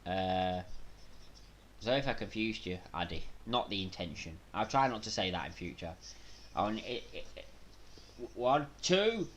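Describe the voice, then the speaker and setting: A man from Manchester with a Mancunian accent, hosting a live watch-along stream, reacting with loud gasps and chatting casually with viewers. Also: low-pitched, normal speed, pauses often, slight background noise. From Manchester, England. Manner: excitable, bursts into loud gasps during big moves, casual with chat.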